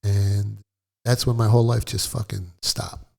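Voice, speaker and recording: A middle-aged man with a low, husky voice tells his story bluntly and profanely, full of swearing and vivid retelling. He talks casually, as a guest in an interview. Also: flat delivery, measured pace, warm tone.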